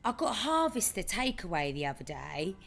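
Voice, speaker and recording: Woman chatting on a podcast, tells stories all animated, does other people's voices. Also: mid-range voice, brisk, gravelly, a little hiss or hum. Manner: animated storyteller, acts out her dad's lines. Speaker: podcast co-host. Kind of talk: casual chat, storytelling.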